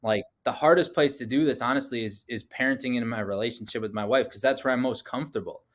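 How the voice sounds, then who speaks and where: A man in his thirties, appearing as a podcast guest, tells personal stories in a casual interview. His mid-range voice moves at a quick pace, and he's animated, often says "like," and acts out quoted dialogue.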